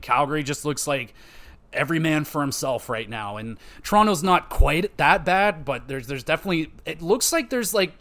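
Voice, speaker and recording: A man hosts a casual sports podcast, venting his frustration in a loose, rambling way. He swears often, restarts his sentences and leans on fillers. His voice sits a little high for a man. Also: fairly bright tone. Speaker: podcast host. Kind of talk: casual hockey podcast rant.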